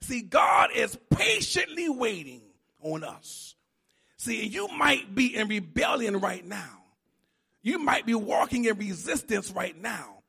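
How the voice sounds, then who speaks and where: A male preacher delivering a sermon, swinging between hushed teaching and shouted, emphatic preaching with repeated phrases. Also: high-pitched, big pitch swings, takes it slowly, gravelly, husky.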